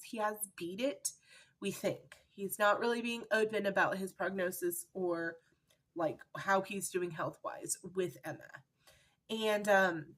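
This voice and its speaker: Casting: chatty female book vlogger, emotional, mid-pitched, at home. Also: fairly bright tone. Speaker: book reviewer. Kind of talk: casual book review vlog.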